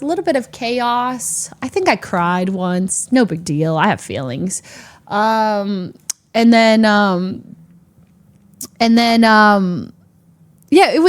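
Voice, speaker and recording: Young woman, casual storytelling chat, lively, laughs a lot, high-pitched, soft music underneath. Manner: animated, laughs often, acts out quotes. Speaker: streamer.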